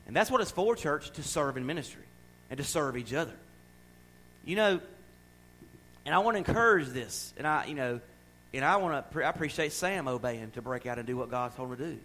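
A middle-aged man preaching a sermon, emphatic and loud at times, then dropping into quiet asides. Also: medium pitch, animated, fairly quick, poor audio. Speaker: pastor.

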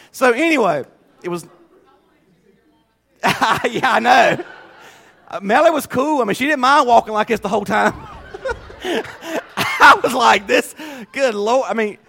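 A man's voice: extremely high pitch, vocal fry, a bit bright. A man in his forties, a pastor, preaching a folksy, storytelling sermon from a church, laughing often. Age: 40s.

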